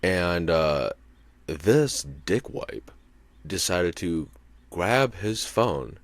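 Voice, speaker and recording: The speaker is a male comedian and podcast host spinning a meandering, profane yarn in a relaxed monologue, often asking listeners "you know what I mean." His voice is deep yet a bit bright, recorded without room sound.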